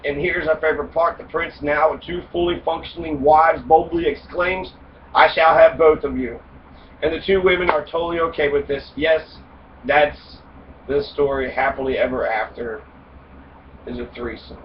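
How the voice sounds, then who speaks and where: In a fairly high voice at a moderate pace, a podcast host casually retells a fairy tale for comedy. He swears, cracks jokes and rambles with fillers; a distant mic gives dull lo-fi sound with faint noise.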